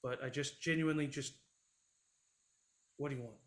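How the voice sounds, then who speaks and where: A man voicing an awkward, remorseful man in a tabletop role-play, who talks haltingly and apologetically. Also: medium pitch, steady tone, lightly acted. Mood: apologetic.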